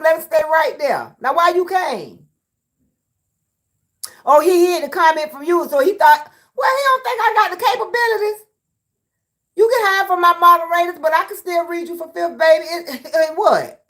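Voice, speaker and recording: Woman, high voice, brash, laughing, trash-talking livestream host. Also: animated, moderate pace, fairly bright tone. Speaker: livestream host reading chat. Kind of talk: casual livestream chat.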